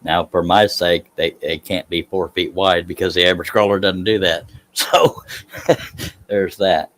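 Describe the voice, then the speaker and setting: A man chatting casually on a live stream while doing scroll saw work in a workshop, relaxed and self-deprecating, with a low, soothing voice. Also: a little slow.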